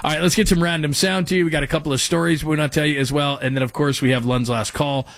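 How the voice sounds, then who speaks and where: A man's voice: fairly high pitch, fairly even intonation, fast, fairly bright tone, no echo. A man hosting a sports talk radio show, talking casually and rambling through listener texts and stories. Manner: rambling, conversational, self-deprecating.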